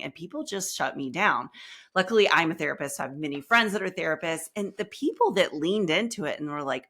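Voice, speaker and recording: A woman therapist speaking as a podcast guest, expressive and emphatic, acting out what people said to her. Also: lowish voice, brisk, husky. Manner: expressive, acts out quotes, emphatic. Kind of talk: casual interview chat.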